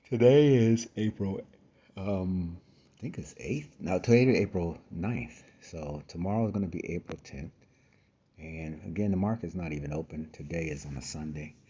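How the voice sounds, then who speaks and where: A low-voiced man with a mellow, relaxed tone talks through a screen-share trading tutorial in a loose, conversational way. He repeats himself and fills pauses, sounding a little tired. The home recording is slightly dull, with a faint hiss underneath. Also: breathy edge. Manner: conversational, repeats himself, frequent fillers and asides. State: tired, yawning. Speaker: trading course host.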